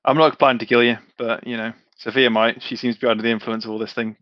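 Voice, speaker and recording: A man's voice: medium pitch, level tone, fast talker, no echo. Hesitant tabletop player, man, muffled dry recording. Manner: hesitant, trailing off. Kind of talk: casual chat during a tabletop game.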